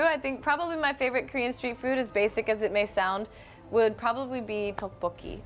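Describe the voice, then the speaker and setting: A young woman hosts a casual live stream, chatting in a friendly, easygoing way. She reads viewer comments aloud and answers them as she goes. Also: fairly high pitch. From North Carolina, USA. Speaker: host.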